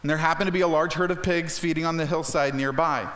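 A man preaching a sermon as a pastor, conversational and energetic, slipping into acted quotes. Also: on the high side, fast talker, reverberant.

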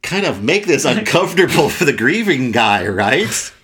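A man in casual conversation about a movie, animated and laughing as he acts out characters' lines. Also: mid-range voice, normal speed, a little hiss or hum. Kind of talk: casual film discussion.

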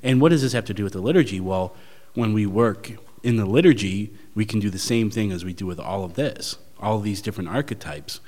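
Eager low-voiced man with reverb. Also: a little fast, darkish tone. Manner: enthusiastic, eager reactions. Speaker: podcast co-host. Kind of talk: casual discussion.

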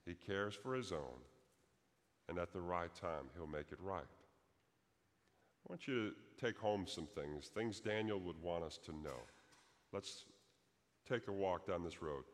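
A man's voice: low voice, animated, slow, pauses often, big-room sound. A man preaching a sermon as pastor, telling a story dramatically and acting out the quoted prayers.

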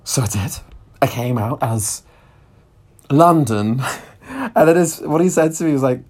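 A man's voice: mid-range voice, expressive, a little slow, darkish tone, breathy edge. A man with a Scouse accent telling a story on his podcast in a chatty way, laughing often and swearing casually. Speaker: podcast host.

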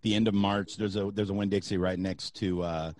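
A middle-aged man, a comedian and radio host, telling profane, animated anecdotes in a casual podcast chat. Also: lowish voice, brisk. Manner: profane, animated anecdotes with loud acted-out outbursts.

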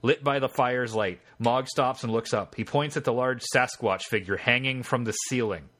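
A man's voice: mid-range voice, normal speed, fairly bright tone. A man hosting a podcast, reading out text-adventure game narration and chatting with jokes between passages. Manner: reads game text aloud, then chats and jokes.

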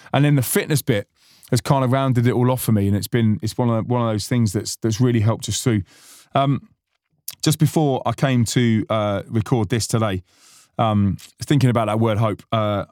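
Over a dry, studio-quality recording, a podcast host who is also a musician speaks in a mid-range, slightly mellow voice. His reflective, casual conversation is sincere and rambling, with many restarts.

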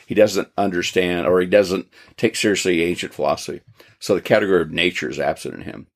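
A man's voice: low voice, fairly even intonation, fast talker, creaky. A man in a casual theological conversation, thinking aloud and often murmuring agreement.

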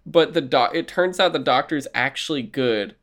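A man in casual podcast chat, retelling movie plots with animated, profane storytelling and acted-out lines. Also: on the high side, normal speed.

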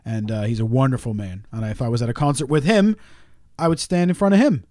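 A man's voice: medium pitch, fast, darkish tone, no room sound, studio quality. Foul-mouthed teasing podcast host, man. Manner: joking, profane, teasing. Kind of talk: casual crude banter.

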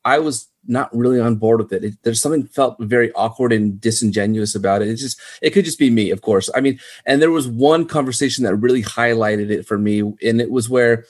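A man's voice: mid-range voice, a little fast, hardly any pauses. Man animatedly retelling a movie scene. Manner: animated, quotes dialogue in retelling. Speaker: podcast co-host. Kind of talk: casual movie review chat.

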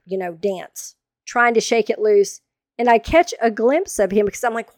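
A woman in her sixties, telling a funny personal story to her regular listeners in a lively, dramatic way. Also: fairly high pitch, normal speed, dry recording, clean studio sound. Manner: animated, dramatic, humorous retelling. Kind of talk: casual storytelling monologue.

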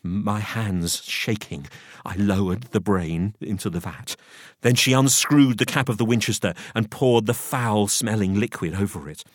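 A man narrating a first-person tale in an expressive, animated storytelling manner. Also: on the low side, a little slow, no echo, studio quality. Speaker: audiobook narrator.

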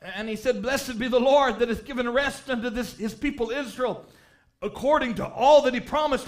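A man preaching a revival sermon in church, reading scripture aloud and rising fervently into shouts on key phrases. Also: extremely high pitch, moderate pace. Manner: reads scripture aloud in old-style wording.

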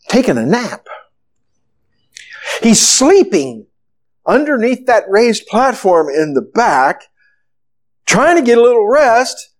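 Animated preaching man, high lively voice. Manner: animated storytelling, acting out the disciples' panic. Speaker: pastor. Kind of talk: sermon.

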